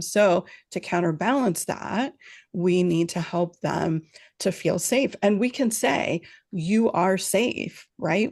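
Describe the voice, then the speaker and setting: A woman answering interview questions as a parenting expert on a video call, explaining calmly and often checking in with a quick "right?". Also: mid-range voice, vocal fry. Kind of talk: interview answers at a virtual summit.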